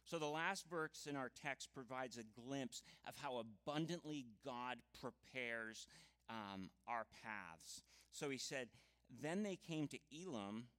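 Guy preaching a sermon, earnest and measured, lots of "you know", normal middle pitch. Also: fairly bright tone.

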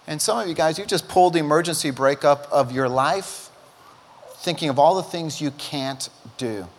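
A high-pitched middle-aged man delivers a sermon in an animated, storytelling way, acting out quotes. His voice rings with long reverb through a large church auditorium. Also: moderate pace. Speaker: pastor.

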